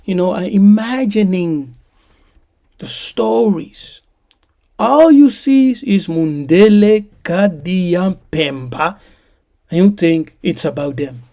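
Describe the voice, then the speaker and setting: A woman's voice: fairly low pitch, animated, slow, mellow. A woman preaching in an emphatic teaching style, often asking listeners questions. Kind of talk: sermon-like teaching.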